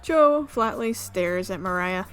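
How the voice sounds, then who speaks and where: A woman streamer reading a visual novel aloud, amused and quick to laugh. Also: mid-range voice, lively intonation, a bit bright, soft background music. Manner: amused, reads with frequent laughs.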